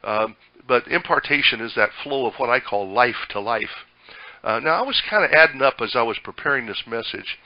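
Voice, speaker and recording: A man's voice: medium pitch, lively intonation, normal speed, no echo. Folksy preaching man, muffled recording. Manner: folksy, conversational preaching with frequent restarts. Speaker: pastor. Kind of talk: sermon.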